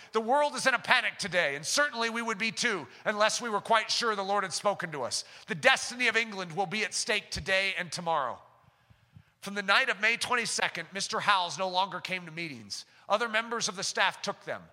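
A man preaching a sermon who builds to impassioned, shouted prayer. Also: sits high, expressive, a little fast. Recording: long hall reverb.

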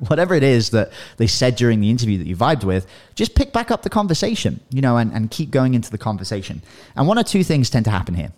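Animated man coaching on a podcast. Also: mid-range voice, fast talker. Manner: animated, acts out sample dialogues, frequent "you know" and "right?". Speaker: podcast host and business coach. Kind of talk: casual coaching talk.

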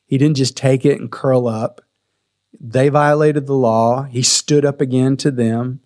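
A man preaching a sermon, retelling a scripture scene in a lively, storytelling way. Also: mid-range voice, unhurried. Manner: animated storytelling, acting out the scene.

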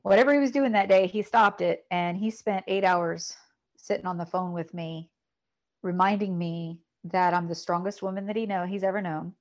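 A middle-aged woman telling a painful personal story in a podcast conversation, emotional and halting, often repeating words. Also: lowish voice, fairly even intonation. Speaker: podcast guest.

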